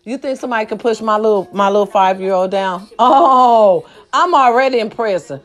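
Woman, high voice, blunt profane rant, shouted lines and low mutters, rhetorical questions. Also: brisk. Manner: swings between shouting and low muttered asides. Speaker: social media commentator. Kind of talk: impassioned rant to camera.

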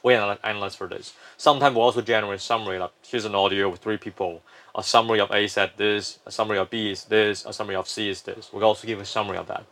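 A man's voice: on the low side, steady tone, fast, a bit bright. A man, a company founder, explaining his firm at length in a casual interview, often restarting sentences.

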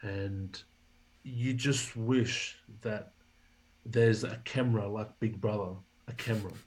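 A man's voice: fairly low pitch, steady tone, slow, slightly rough, low-quality recording. A man, a guest in an interview, telling a story and acting out the dialogue he quotes. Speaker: podcast guest, former rugby league player.

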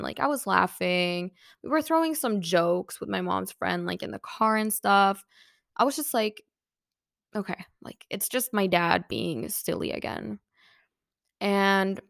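A young woman recounts a painful personal story on her podcast. Her voice is medium in pitch with a gravelly, fry-heavy edge. It is recorded dry and close, with no room around it. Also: a bit bright, dry recording. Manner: emotional, many "like" fillers. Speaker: podcast host.

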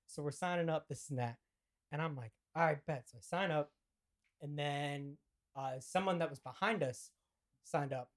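This young podcast co-host has a fairly high voice and keeps a moderate pace. He tells a story in a casual way, acting out the quoted lines and laughing and swearing along the way.

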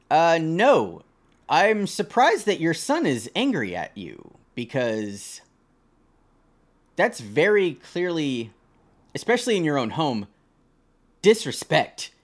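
A young man co-hosting a casual podcast, reading online posts aloud and reacting with swearing and jokes. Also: fairly high pitch. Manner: animated, swears freely, laughs and jokes about the posts. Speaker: podcast co-host.

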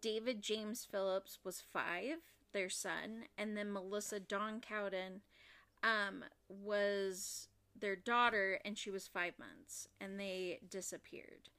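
A young woman from Oregon co-hosting a casual true-crime podcast, talking in a halting way with many fillers and restarts. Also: medium pitch, fairly even intonation, sharp tone, clear, resonant tone. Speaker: podcast co-host.

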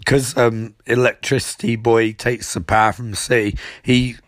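A man's voice: medium pitch, little pitch movement, moderate pace, no echo. A man giving a comic, rambling recap of a TV episode, stammering, swearing and sarcastic. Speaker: show recapper.

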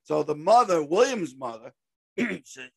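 A man telling a story in casual talk with a friend, animated and acting out shouted quotes. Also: fairly high pitch, unhurried, creaky, no room sound.

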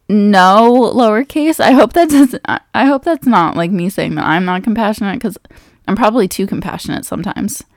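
A woman's voice: medium pitch, vocal fry, no room sound, studio quality. A pregnant young woman chatting casually as she takes a quiz, thinking aloud and poking fun at herself. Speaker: vlogger. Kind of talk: casual chat.

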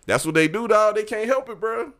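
A man co-hosting a casual podcast chat, an animated storyteller full of slang. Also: high-pitched, a little fast, no echo. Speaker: podcast co-host.

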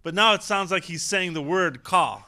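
Animated male actor telling stories. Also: high voice, normal speed. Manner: animated, laughing raconteur. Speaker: actor guest. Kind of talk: casual interview storytelling.

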